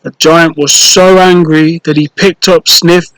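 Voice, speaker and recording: Storyteller reading a children's book: slightly high male voice, very unhurried, playful. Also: little pitch movement, a bit bright, dry recording, low-quality recording. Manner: slow, clear and playful, with rhymes.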